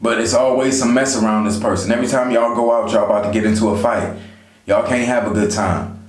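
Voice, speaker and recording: A man's voice: mid-range voice, fairly even intonation, fairly quick. A man vlogging life advice in a casual, conversational way, talking straight to his viewers and often saying "you know". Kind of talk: casual motivational talk to camera. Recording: echoey room.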